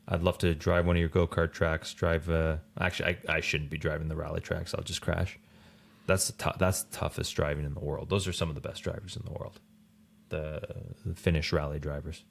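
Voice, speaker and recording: A man co-hosting a racing podcast in casual chat, rambling and animated, full of fillers. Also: low voice, creaky. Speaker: podcast co-host.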